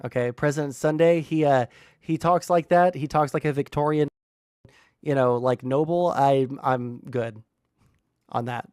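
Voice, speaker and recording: A man's voice: medium pitch, fairly even intonation, a little slow, a little mellow, clear, resonant tone, dry recording, clean studio sound. A young man streaming live, arguing with his chat in an exasperated, rambling way full of fillers and restarts. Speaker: livestream political commentator. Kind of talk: casual livestream rant reading chat.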